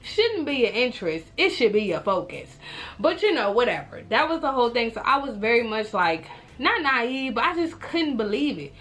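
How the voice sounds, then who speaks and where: Animated young woman telling a storytime. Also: a little high, normal speed. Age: young adult. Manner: animated, talks straight to viewers, acts out her own reactions. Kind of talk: casual storytime vlog.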